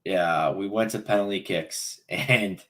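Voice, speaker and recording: A young man chats casually on a fan podcast, telling a story with lots of restarts and animated bursts. His voice sits a little low in pitch. It has a bright, forward edge. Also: a little slow. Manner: rambling, restarts often, animated retelling. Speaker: podcast co-host. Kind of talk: casual chat.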